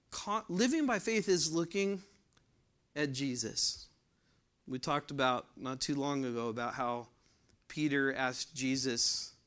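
A middle-aged man preaching a verse-by-verse sermon, reading scripture louder and adding asides. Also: medium pitch. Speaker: pastor.

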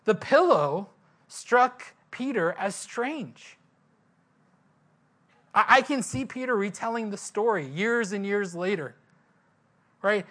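A man's voice: high voice, a little slow. Man preaching a sermon, chatty storyteller, asks the room questions. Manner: conversational, animated storytelling with rhetorical questions. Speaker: pastor.

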